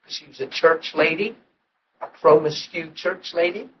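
High-voiced preacher telling his testimony. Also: moderate pace, recorded from a distance, muffled recording, a little hiss or hum. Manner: emotional storytelling, swings from hushed to loud. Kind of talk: testimony sermon.

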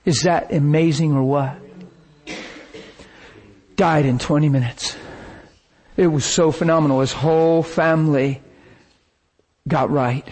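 A man preaching, telling a story in an animated, dramatic way that breaks at times into shouts and laughter. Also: a little high, unhurried, long pauses. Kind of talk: sermon storytelling.

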